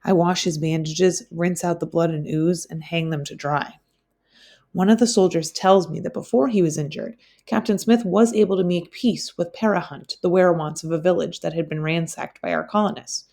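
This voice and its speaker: A woman teacher reading a novel aloud for her class, in a plain, steady way with occasional slips. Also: lowish voice, moderate pace.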